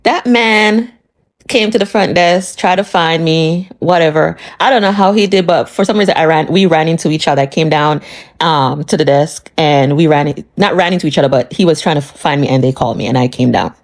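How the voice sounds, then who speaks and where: A woman's voice: sits low, brisk. A woman from the United States casually telling a personal story in a chatty, sassy way, repeating phrases for emphasis.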